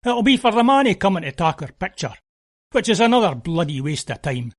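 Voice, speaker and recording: A man with a Scottish accent voicing a crabbit, ill-natured male farm horseman who talks gruffly and sneers. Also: high-pitched, big pitch swings, a little fast, no room sound, clean studio sound. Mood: scornful.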